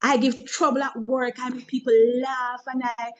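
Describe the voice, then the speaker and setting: A woman's voice: high voice, flat delivery, normal speed, poor audio. A woman with a Jamaican accent, a motivational speaker in a webinar talk, humorous and preachy, telling stories from work.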